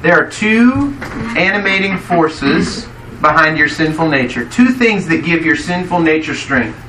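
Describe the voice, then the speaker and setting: A man's voice: a little high, expressive, unhurried, sharp tone, a little hiss or hum. Preaching man in an echoey hall. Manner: conversational, asks the congregation questions. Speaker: pastor. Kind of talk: sermon. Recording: echoey hall, mic from a distance.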